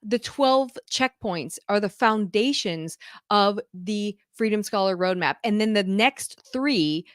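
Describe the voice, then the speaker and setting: A woman's voice: medium pitch, lively intonation, takes it slowly, no room sound, studio quality. A woman homeschool mentor talking casually to her viewers, gushing and effusive, often breaking into laughter. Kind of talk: casual talk to camera.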